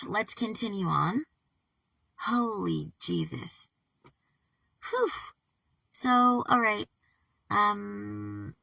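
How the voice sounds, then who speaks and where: A woman vlogger talking casually to camera, swearing heavily in an animated, worked-up way. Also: mid-range voice, normal speed, creaky, breathy edge, dry recording, recorded from a distance, low-quality recording. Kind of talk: casual vlog monologue.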